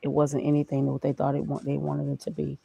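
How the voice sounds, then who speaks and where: A woman's voice: sits low, monotone, fast, gravelly, dark tone, breathy edge. A woman, a graphic designer, being interviewed, talking in an emphatic, preachy way about her own experience. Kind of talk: casual motivational conversation.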